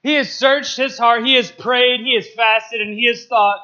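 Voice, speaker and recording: A man's voice: very high voice, steady tone, moderate pace, hardly any pauses, pushed and bright, highs cut off. A young man speaking as a guest in a church service, playful and emotional, laughing as he talks. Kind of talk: jokey church talk.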